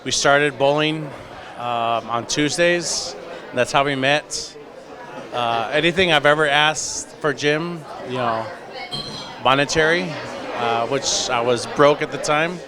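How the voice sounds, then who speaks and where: A man recalling a longtime friend in a hesitant, grateful way with many pauses and ums. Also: mid-range voice. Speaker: party guest sharing memories. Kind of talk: casual spoken tribute. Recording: busy crowd noise behind.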